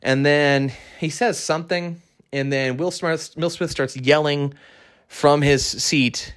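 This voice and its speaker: A man's voice: mid-range voice, fairly even intonation, unhurried, fairly bright tone, clear, resonant tone. A young man hosting his own podcast, talking alone in a casual, blunt and heavily profane rant. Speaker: podcast host.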